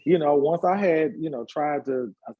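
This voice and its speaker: A man in his fifties, a hairstylist and party promoter, telling his life story in a relaxed interview with lots of fillers. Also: fairly high pitch, moderate pace, lo-fi sound. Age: 50s. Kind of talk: casual conversational interview.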